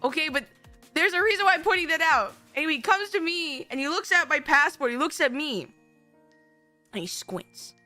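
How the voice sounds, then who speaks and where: A young woman streamer telling a rambling, animated story on stream, swearing casually and stopping to act out what people said. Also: high-pitched, moderate pace, no room sound, soft background music. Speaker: VTuber streamer.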